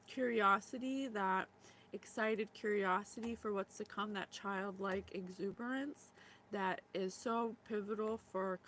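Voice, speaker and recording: A woman's voice: medium pitch, fairly bright tone, a little hiss or hum, low-quality recording. A woman in her thirties, from the former Yugoslavia, hosting a psychic reading in a casual, emotional way with many fillers. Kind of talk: casual spiritual reading talk.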